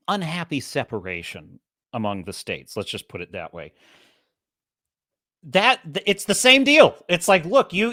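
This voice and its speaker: Animated, bright-voiced man podcasting. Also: a little high, dry recording, studio quality. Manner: rambling, animated storytelling with restarts. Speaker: podcast host. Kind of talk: casual opinionated chat.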